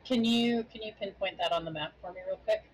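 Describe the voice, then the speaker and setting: A woman acts as game master over a voice call, answering questions about the map with a few short hesitations. Her pitch sits mid-range, and a faint hiss runs behind her voice. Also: brisk, poor audio.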